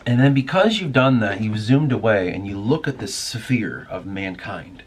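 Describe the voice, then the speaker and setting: A man's voice: lowish voice, animated, normal speed, few pauses, breathy edge. A man hosting a casual spoken monologue, rambling and musing aloud with plenty of swearing. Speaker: podcast host.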